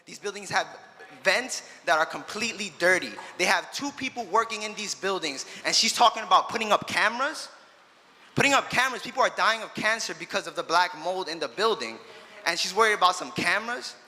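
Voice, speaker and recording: A man's voice: high voice, animated, a little fast, bright, forceful tone. A man giving heated, indignant testimony at a public hearing. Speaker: public commenter. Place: large public hearing hall. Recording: long hall reverb, faint noise.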